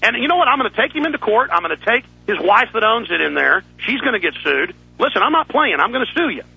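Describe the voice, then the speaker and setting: A man hosting a talk radio show, ranting angrily and repeating himself as he shouts down a rival. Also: high voice, sing-song, quick pace, creaky, husky, no echo, muffled recording. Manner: angry, shouting, repetitive. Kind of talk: heated talk radio rant.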